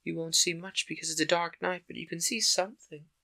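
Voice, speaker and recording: A man putting on a brisk housekeeper woman. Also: fairly high pitch, creaky, pushed and bright, voice pushed up, full character voice.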